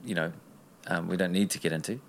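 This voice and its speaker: Casting: New man, low gravelly voice, earnest rambling storyteller. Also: fairly even intonation, fast, slight background noise. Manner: earnest, rambling, with many restarts. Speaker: interview guest. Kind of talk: casual personal storytelling.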